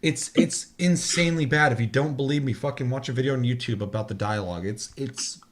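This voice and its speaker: A man's voice: medium pitch, fairly quick. Profane ranting man in his thirties. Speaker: podcast co-host. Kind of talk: casual gaming podcast chat.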